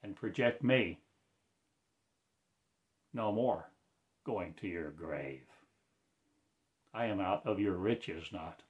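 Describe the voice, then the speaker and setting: A man with a low voice delivers a rambling prophetic monologue, slow and incantatory, that breaks into loud proclamations.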